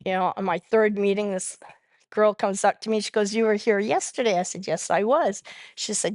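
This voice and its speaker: A woman shares her recovery story from the stage in a mid-pitched voice. She tells it as a lively storyteller who slips into the voices of the people she quotes. The sound is dry and close, with no room echo. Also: normal speed. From Canada. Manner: animated storyteller who acts out quoted dialogue. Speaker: main speaker at a recovery convention. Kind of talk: personal recovery testimony.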